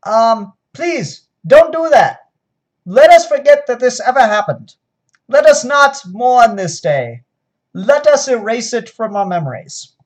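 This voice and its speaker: A man's voice: high-pitched, pitched above the performer's own voice. A man doing an impression of a 1940s American president, with an old-fashioned patrician accent and a pompous, declaiming manner in a mock old-time radio speech. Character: 1940s presidential orator impression, grand, solemn.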